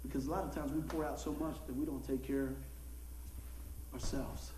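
A man, a pastor telling folksy, animated stories in a sermon and acting out the people in them. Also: medium pitch, brisk, a little hiss or hum. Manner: folksy, animated storytelling with acted-out quotes and laughter. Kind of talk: storytelling sermon. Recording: echoey room.

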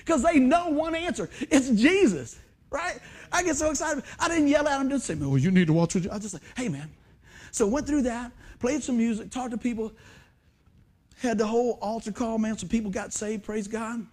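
A man's voice: extremely high pitch, normal speed. A male pastor telling funny stories in a sermon, acting out other people's voices and laughing often. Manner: animated, acts out quoted voices, laughs often. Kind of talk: storytelling sermon.

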